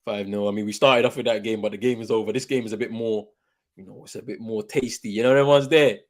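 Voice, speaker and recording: A young man hosting a live football watchalong, excitable and slangy, swinging from shouted outbursts to low mutters and repeating himself. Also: quick pace. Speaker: watchalong host.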